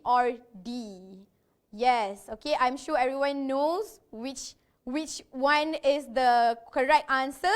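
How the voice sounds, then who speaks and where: A woman's voice: sits high, a bit bright. A woman hosting an online training event, reading out quiz questions in a chatty, breathless way and repeating herself. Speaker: event host running quizzes.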